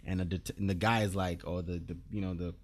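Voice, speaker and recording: A man's voice: low voice, flat delivery, quick pace. A man co-hosting a casual podcast, recapping episodes in a laid-back, rambling way and laughing often. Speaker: podcast co-host.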